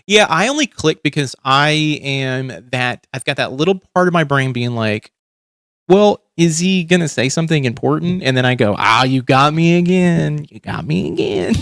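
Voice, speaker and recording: A man's voice: medium pitch, dry recording, clean studio sound. A man hosting a livestream, ranting in casual commentary with heavy swearing and frequent restarts. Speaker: livestream host.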